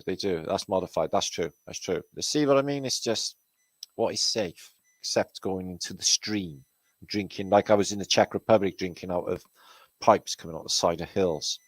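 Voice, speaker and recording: Greeting viewers by name and cursing without restraint, a British channel host chats casually on his live stream. He speaks at a moderate pace in a lowish voice, with no room sound.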